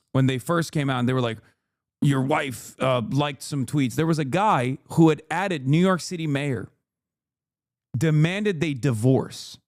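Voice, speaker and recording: A man's voice: medium pitch, no echo, clean studio sound. A male streamer ranting in casual commentary, swearing often and hammering his points with a repeated "okay?". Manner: profane, emphatic, keeps asking "okay?".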